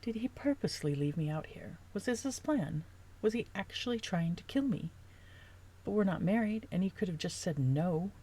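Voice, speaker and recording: A woman's voice: lowish voice, lively intonation, moderate pace, warm tone, breathy edge, pitched above the performer's own voice. A woman reading aloud, voicing a stranded young woman who is bitter and suspicious in an audiobook-style reading.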